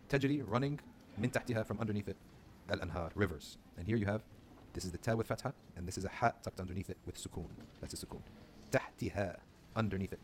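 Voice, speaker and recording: Fast-talking male Quran reading teacher. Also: fairly low pitch, a little mellow, slight background noise. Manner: patient, repeats words slowly for learners; drills letter by letter, fond of "okay?". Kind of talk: recorded video lesson.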